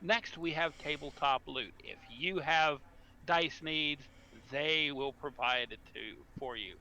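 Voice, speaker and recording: A man's voice: on the high side, takes it slowly, bright, forceful tone. A man hosting a live tabletop game stream as dungeon master, upbeat and reading sponsor plugs.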